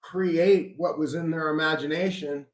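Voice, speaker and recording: A man's voice: fairly high pitch, steady tone, a little slow. Middle-aged man musing in an echoey room. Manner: reflective, rambling with restarts. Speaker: host. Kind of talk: casual live chat about faith. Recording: roomy echo.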